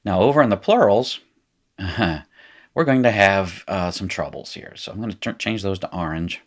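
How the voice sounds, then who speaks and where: A man with an Appalachian accent from North Carolina, teaching a recorded lesson in a relaxed way that corrects itself as he goes. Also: low voice, moderate pace. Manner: casual, self-correcting explainer who laughs at his slips. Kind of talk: recorded lecture.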